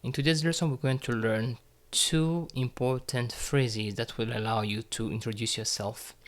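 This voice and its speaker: A man teaching French phrases, speaking slowly and deliberately and repeating each phrase for learners. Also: medium pitch, fairly even intonation. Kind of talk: slow, careful language lesson.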